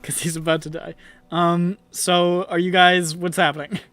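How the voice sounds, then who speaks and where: A man narrating a tabletop role-playing game as game master, animated and often laughing. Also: high voice, normal speed, no echo, faint music behind.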